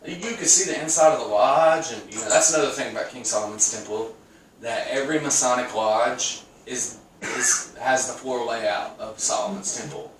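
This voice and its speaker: A man's voice: medium pitch, moderate pace. A man co-hosting a casual podcast chat, telling stories with a lot of swearing and laughter. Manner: profane, laughing storyteller. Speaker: podcast co-host. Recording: echoey room from far off, some noise.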